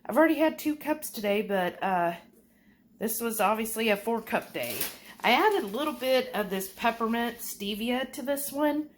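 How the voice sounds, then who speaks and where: A woman's voice: on the high side, expressive, normal speed, slight background noise. A woman, chatting casually to her viewers in a food vlog at home. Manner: chatty, folksy, warmly addresses viewers as y'all. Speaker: keto food vlogger.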